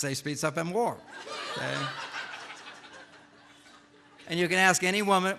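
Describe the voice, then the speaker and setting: An older man giving a humorous lecture to a live audience, an animated storyteller who acts out the lines he quotes. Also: on the high side, normal speed, gravelly, pauses often, noisy background. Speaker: speaker giving a talk.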